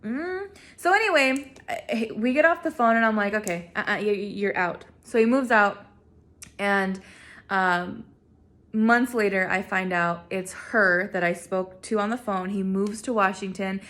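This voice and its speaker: A woman telling her own story in a casual vlog. She talks in a sassy, animated way and laughs often. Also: medium pitch, unhurried.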